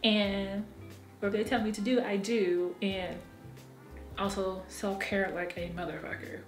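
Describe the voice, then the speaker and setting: A woman's voice: medium pitch, fairly even intonation, unhurried, soft background music. Frank, emotional woman vlogging in an echoey room. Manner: frank and emotional, swears freely, laughs often. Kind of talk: candid personal vlog talk.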